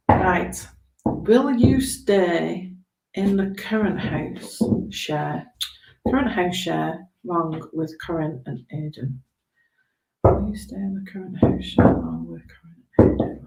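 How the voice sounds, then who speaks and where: A woman's voice: mid-range voice, roomy sound, poor audio. A woman giving chatty, reassuring tarot readings on a live stream, often checking in with okay. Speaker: tarot reader.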